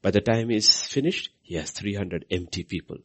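Husky preacher man with swooping delivery. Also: animated, moderate pace. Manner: preaching with big swings in pitch and loudness, repeating phrases for emphasis. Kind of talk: sermon.

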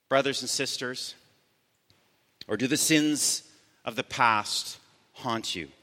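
A man preaching a sermon as pastor, earnest, slowing down to stress key words. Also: medium pitch, sharp tone. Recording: long church reverb.

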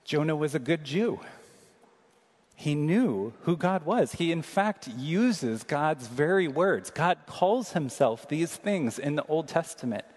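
A man preaching an earnest, emphatic sermon, slowing down to read scripture aloud. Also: on the high side, animated, darkish tone. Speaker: pastor. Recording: long reverb of a large hall.

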